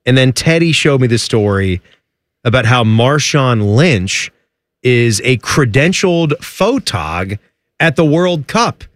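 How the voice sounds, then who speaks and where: Animated male sports radio co-host. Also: slow pace, no room sound. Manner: animated, jumps high in pitch when joking. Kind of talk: casual sports radio chat.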